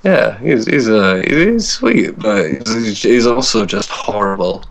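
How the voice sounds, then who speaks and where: Low-voiced guest with faint background hiss. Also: male voice, a little slow, gravelly. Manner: playful mock insults, swears. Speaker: podcast guest. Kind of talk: casual chat.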